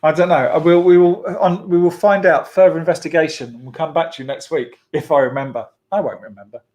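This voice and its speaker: A man's voice: fairly high pitch, fast talker, a little mellow. A man hosting a children's church club online, chatty and playful, laughing often and filling gaps with ums.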